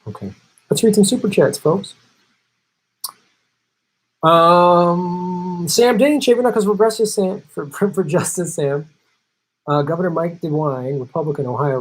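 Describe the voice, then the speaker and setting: A man's voice: fairly high pitch, slightly rough, low-quality recording. A middle-aged man hosting a political live stream, reading viewer chats in a blunt, sarcastic, profane way. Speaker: political show host.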